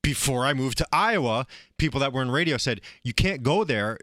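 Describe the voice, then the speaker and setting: Man with a softened Long Island accent. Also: mid-range voice, expressive, dry recording, clean studio sound. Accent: softened Long Island New York. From Long Island, New York. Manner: playful, drawn-out radio announcer delivery. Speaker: podcast co-host, former radio DJ. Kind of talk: casual chat.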